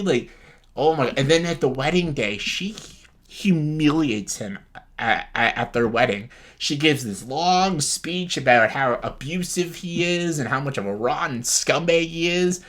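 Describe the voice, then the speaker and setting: A man's voice: on the high side, pushed and bright. A young man vlogging casual commentary on a reality show, talking bluntly with lots of swearing and exasperation. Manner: blunt, heavily profane, exasperated ranting.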